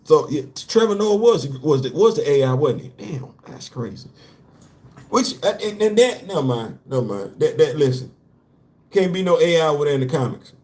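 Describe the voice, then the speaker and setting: A man's voice: fairly high pitch, animated, normal speed, a little mellow. A man hosting a casual comic-book commentary show, talking animatedly in slang, repeating his points and laughing often. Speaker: host.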